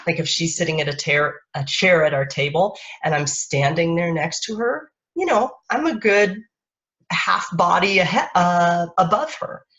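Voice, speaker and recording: Soft-spoken woman coach, lo-fi stream. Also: lowish voice. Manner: soft, unhurried, lulling delivery. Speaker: parenting coach. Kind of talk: live-streamed parenting talk. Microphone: webcam or phone on a live video stream. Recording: dull lo-fi stream audio.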